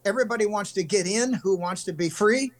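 A man's voice: sits high, fairly quick. An older man from California, a country singer guest telling long earnest stories in casual interview chat. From California, USA. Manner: earnest, rambling storyteller.

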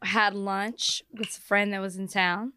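A woman co-hosting a podcast in casual chat, teasing and quick to call her co-host out. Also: mid-range voice, flat delivery, bright, forceful tone, smooth.

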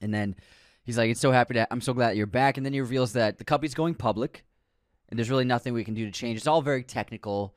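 A man's voice: medium pitch, fast talker, dry recording, studio quality. A man co-hosting a casual podcast, retelling a movie in a rambling way, laughing easily and teasing his partner. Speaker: podcast co-host. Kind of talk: casual movie recap chat.

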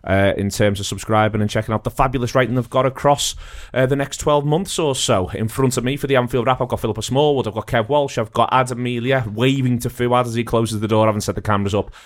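Jovial man hosting a football podcast. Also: mid-range voice. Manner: jovial, quick to laugh. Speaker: podcast host. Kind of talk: casual football podcast chat.

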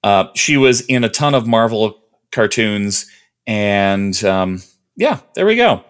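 Low-voiced man rambling through trivia. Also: very animated, slow, a bit bright, clean tone. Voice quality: rambling, listing trivia with many fillers. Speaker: podcast co-host. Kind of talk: casual chat.

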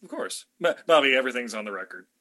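A man's voice: mid-range voice, big pitch swings, quick pace, sharp tone. A man hosting a casual chat among friends over a video call, joking and swearing freely.

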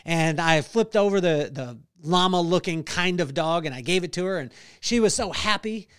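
Middle-aged male podcast host, lively storyteller who acts out voices; high, smooth tone. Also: normal speed. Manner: animated storyteller acting out voices and singing. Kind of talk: storytelling devotional talk.

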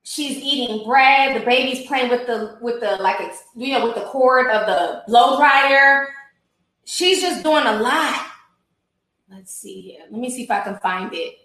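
Gossipy high-voiced woman in an echoey room. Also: measured pace. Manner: animated, laughing, gossipy and profane. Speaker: commentary vlogger. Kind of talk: casual commentary chat.

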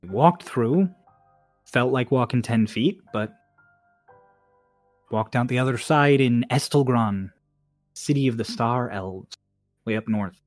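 A man's voice: mid-range voice, slow, pauses often, no echo, soft background music, natural voice. A man voicing a laid-back, blunt woman sailor with a Cockney accent and clipped, offhand phrasing.

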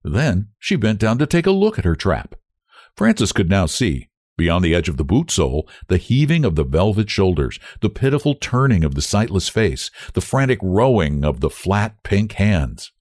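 A man reading a story aloud as narrator, in an expressive, dramatic manner. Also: low voice, moderate pace, dry recording, clean studio sound. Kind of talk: scripted narration.

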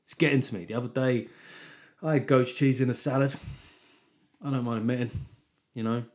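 A man's voice: medium pitch, fairly even intonation, moderate pace, darkish tone. A man hosting his own podcast as a comedian, talking in a rambling, sweary, self-deprecating way. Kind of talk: solo podcast monologue.

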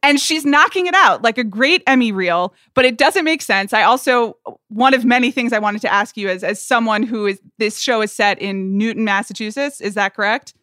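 A woman co-hosting a podcast in casual pop-culture chat, wry and quick with her critiques, close to the microphone. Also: on the high side, sharp tone, no room sound. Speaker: podcast co-host.

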